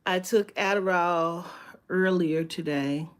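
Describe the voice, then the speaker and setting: Slow-talking woman in a candid live chat. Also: on the low side, clean tone. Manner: rambling, candid, swears freely, many fillers. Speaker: live-stream host. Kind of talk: casual live-stream chat. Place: at home.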